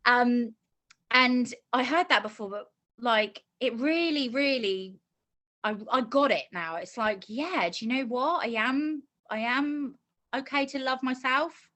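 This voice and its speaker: A woman's voice: mid-range voice, pushed and bright. A middle-aged woman being interviewed about a course she finished, talking earnestly and at length, often restarting her sentences. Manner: earnest, talkative storytelling with many restarts. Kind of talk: casual interview.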